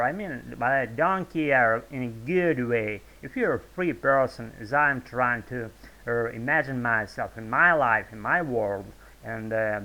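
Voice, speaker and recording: A man's voice: medium pitch, sharp tone, rough recording. A man with a Russian accent, a video blogger talking off the cuff in a rambling, hesitant way, full of fillers and restarts, and he swears freely. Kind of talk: unscripted off-the-cuff monologue.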